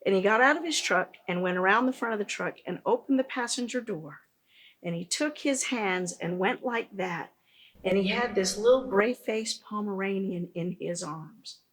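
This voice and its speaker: A woman's voice: medium pitch, normal speed. A woman, founder of a pet business, telling stories earnestly in a conversational interview, with frequent restarts.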